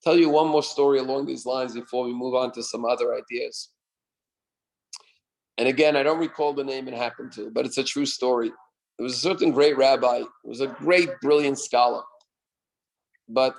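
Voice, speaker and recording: Gravelly rabbi telling a story. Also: male voice, medium pitch, normal speed, pauses often, low-quality recording. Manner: animated storyteller, shouts quoted cheers. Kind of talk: sermon storytelling. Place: synagogue class.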